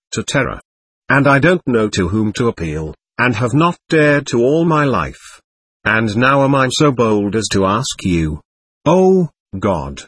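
A man's voice: medium pitch, a bit bright, slightly rough, no echo, exaggerated voice. A male narrator voicing an anxious, effusive middle-aged mother who pleads fervently, in an audiobook. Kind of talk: audiobook character reading.

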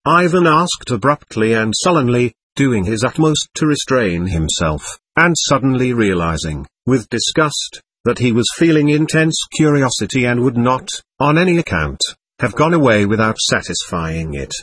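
A man narrating a classic novel as an audiobook, in a measured storytelling manner. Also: medium pitch, sing-song, fairly bright tone, husky, no echo.

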